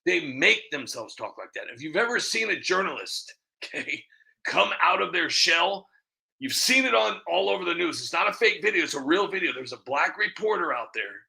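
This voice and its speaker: A man hosting his own show talks in a loose, rambling monologue. His voice is gravelly and very bright, and sits a little high for a man. He presses his points hard and often repeats words. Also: sing-song, normal speed. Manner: rambling, emphatic, repeats himself. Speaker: show host. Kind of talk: casual monologue.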